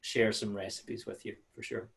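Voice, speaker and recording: A man's voice: fairly low pitch, level tone, moderate pace, fairly bright tone. A man giving a casual webinar presentation over a video call, friendly and chatty with many fillers and restarts. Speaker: malt sales manager giving a webinar.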